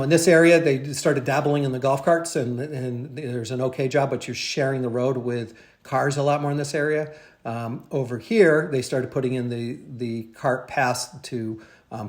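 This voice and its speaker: A man's voice: mid-range voice, darkish tone. A man working as a real estate agent, explaining over a map in a casual, conversational way with many fillers and restarts.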